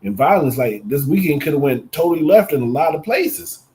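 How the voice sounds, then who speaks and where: A man's voice: on the high side, sing-song, a little fast, darkish tone, rough recording. A man co-hosting a podcast, talking casually and repeating words as he thinks. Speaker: podcast co-host.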